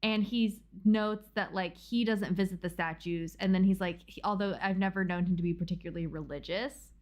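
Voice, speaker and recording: A young woman co-hosting a book club stream, speaking in halting, restarting sentences as she thinks aloud in a casual chat. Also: lowish voice, steady tone, a little mellow. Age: young adult.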